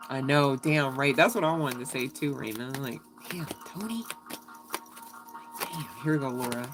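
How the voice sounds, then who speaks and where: A woman's voice: rumbling low, steady tone, fairly quick, background noise. A woman giving a casual, chatty tarot reading, giggling often and swearing freely. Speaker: tarot reader.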